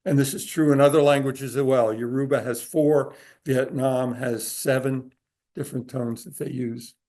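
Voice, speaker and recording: A man of medium pitch gives a conversational lecture to a group gathered in a room. He explains things patiently and casually, often pausing on filler words as he goes. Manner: relaxed, explanatory, with frequent "uh" pauses. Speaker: speaker giving a talk to a group. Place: room with a live audience.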